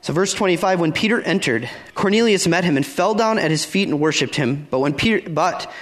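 A man teaching a Bible passage to his congregation in an informal, conversational way. His voice sits a little high. He reads the verses aloud and then retells them in everyday speech, often repeating his phrases. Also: animated, a little fast. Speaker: preacher.

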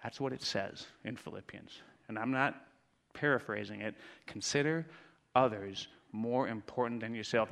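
Preacher swinging from hush to shout. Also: male voice, lowish voice, moderate pace, creaky. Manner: dramatic swings from hushed to shouting. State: out of breath. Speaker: pastor. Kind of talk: sermon.

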